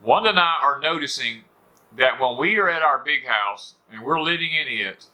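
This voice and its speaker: On his home porch, a middle-aged homestead channel host from the American South delivers a rambling, folksy talk to viewers, peppered with "you know." He's animated, speaks at a moderate pace, and has a mid-range voice with a sharp tone.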